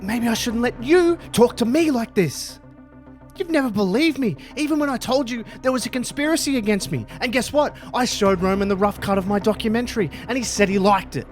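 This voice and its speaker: A man voicing an excitable, eager male wrestler who talks high and in fast bursts. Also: faint music behind. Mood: defiant.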